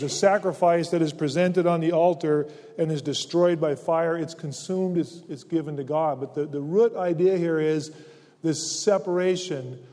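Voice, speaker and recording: A man preaches in an earnest, emphatic way, slowing down to stress each line of scripture. His voice sits a touch high for a man but sounds dark and mellow. A long reverb from a large hall trails every phrase. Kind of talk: sermon.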